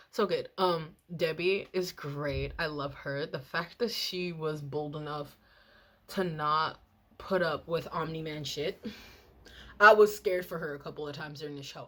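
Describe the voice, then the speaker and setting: Rambling, excitable young woman vlogger. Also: fairly low pitch. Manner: rambling and excitable, swearing, laughing often. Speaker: makeup and TV review vlogger. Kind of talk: casual chat while doing makeup.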